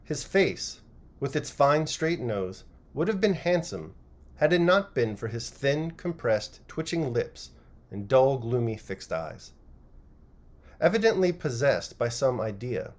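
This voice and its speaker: A man narrating a classic novel chapter by chapter as an audiobook reader, with an expressive, varied reading. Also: mid-range voice, a little slow.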